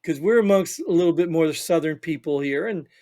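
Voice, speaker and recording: A high-pitched man with a Northern US accent rants his way through a casual podcast chat. He rambles and leans hard on his points, tossing in "you know what I mean" again and again. His voice sits noticeably high for a man. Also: fairly quick, a little mellow. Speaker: podcast co-host.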